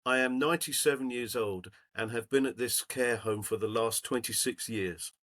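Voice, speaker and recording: A man's voice: mid-range voice, moderate pace, a bit bright. A man in casual chat, reading a letter aloud to friends and building playfully to a punchline.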